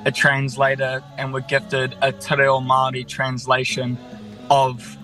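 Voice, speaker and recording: Bright-toned New musician, chatty. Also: male voice, medium pitch, completely flat delivery, measured pace, faint music behind, poor audio. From New Zealand. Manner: enthusiastic, chatty, self-deprecating. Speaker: musician, interview guest. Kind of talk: casual radio interview.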